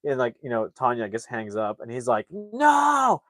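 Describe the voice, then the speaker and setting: A man talks through a movie plot in a loose, meandering way, leaning on "like" and restarting his sentences. His voice sits at an ordinary middle pitch. The recording is dry and close, with no room sound. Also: little pitch movement, fast, no echo. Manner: rambling, full of "like" and restarts. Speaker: movie reviewer. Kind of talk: casual movie recap.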